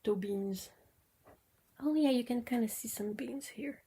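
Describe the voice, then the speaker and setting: A woman hosting a casual livestream from home, chatty and exclamatory with frequent laughs, cooing softly at her cats. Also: a little high, unhurried, long pauses, rough recording. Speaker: livestream host.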